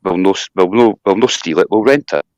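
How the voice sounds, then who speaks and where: A Scottish man hosting a casual live chat, talking in an animated, rambling rant with mocking asides. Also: low voice, fairly quick, no echo, muffled recording. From Scotland. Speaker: live stream host.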